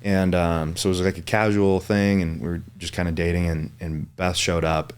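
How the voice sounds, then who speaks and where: Deep-voiced easygoing male podcast host. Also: level tone, normal speed, clean tone. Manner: easygoing, with frequent agreeing backchannels. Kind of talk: casual chat.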